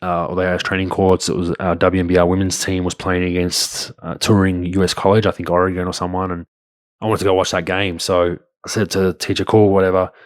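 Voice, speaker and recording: A low-voiced man in his thirties spins blunt, crude anecdotes for his podcast. The sound is dry and close, with no room around it. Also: monotone, fast talker, no echo. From Australia. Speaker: podcast host. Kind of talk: casual storytelling.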